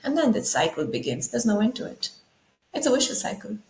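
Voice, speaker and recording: A woman's voice: medium pitch, very animated, a little fast, darkish tone. A woman guest on a talk show, explaining ideas thoughtfully and posing rhetorical questions. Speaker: guest speaker. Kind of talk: conversational explanation. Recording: roomy echo.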